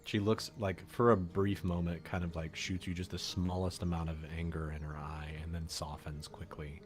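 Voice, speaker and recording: A man's voice: low voice, fairly even intonation, moderate pace. A man narrating as game master in loose, rambling speech full of fillers. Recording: stream with background music.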